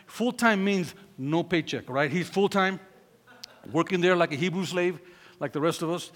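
A middle-aged man preaching, telling a personal story, acting out quotes and swinging between loud peaks and hushed asides. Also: high-pitched, moderate pace, big-room sound. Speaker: pastor.

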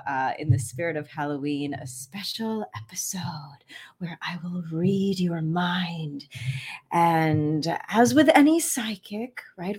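Gravelly-voiced woman podcast host. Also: on the low side, a little mellow. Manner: playful, giggly. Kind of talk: casual podcast talk.

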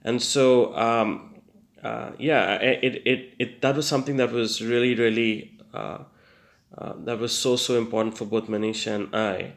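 A man's voice: medium pitch, fairly even intonation, unhurried, gravelly. A young man giving an earnest personal testimony, hesitant and full of fillers and restarts, with self-deprecating laughter. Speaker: testimony speaker.

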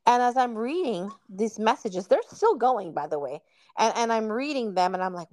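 A woman's voice: fairly high pitch, sing-song, normal speed, no echo. A woman hosting a podcast, telling a personal story in a casual, candid chat. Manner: candid storytelling, calls guest "girl". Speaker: podcast host.

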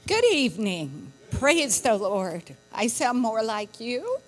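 Woman, unhurried chatty church talk, faint music behind. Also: on the high side, wildly swooping pitch, husky, big-room sound. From United States. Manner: chatty, laughs, acts out voices of others. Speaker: missionary wife addressing church. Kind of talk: casual talk from the pulpit. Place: church hall.

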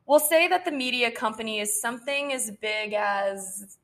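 A woman's voice: on the high side, normal speed. A young woman co-hosting a podcast, telling a dating story in casual chat, acting out what people said and laughing often. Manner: animated, quotes people in her own voice, laughs often. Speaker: podcast co-host.

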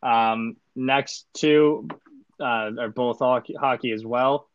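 Casual male podcast co-host, rambling and deadpan, mid-pitched voice, dry and slightly muffled recording. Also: takes it slowly, clean tone. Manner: laid-back, rambling with many fillers, deadpan joking. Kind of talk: casual sports podcast chat.

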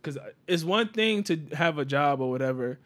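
A young man telling a work story in casual chat, animated and profane, heavy slang. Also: fairly high pitch, moderate pace.

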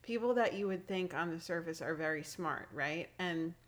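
A woman's voice: on the low side, moderate pace. A woman chatting as a podcast guest, giggly and agreeable, recorded on one handheld recorder. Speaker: guest, host's sister. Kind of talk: casual chat. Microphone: single handheld recorder.

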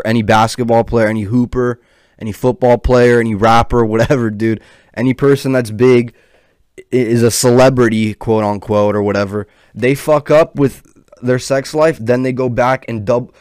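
A man's voice: medium pitch, fairly even intonation, normal speed, darkish tone, smooth, no room sound, studio quality. A young man in his twenties hosting a podcast, ranting in a profane, rambling, heated way. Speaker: podcast host. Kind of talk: casual podcast rant.

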